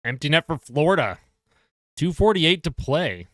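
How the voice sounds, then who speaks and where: A man's voice: a little high, sing-song, moderate pace, a bit bright, dry recording, clean studio sound. A man casually commenting on a hockey game on a live stream, reading and answering viewer chat. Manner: chatty, reads chat aloud and answers viewers.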